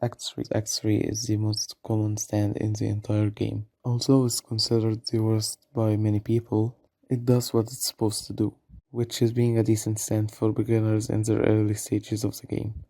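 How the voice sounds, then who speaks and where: Man, low mellow voice, monotone, game tier-list commentary, dry close mic. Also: normal speed, no room sound. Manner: self-deprecating, apologetic asides. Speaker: gaming video creator.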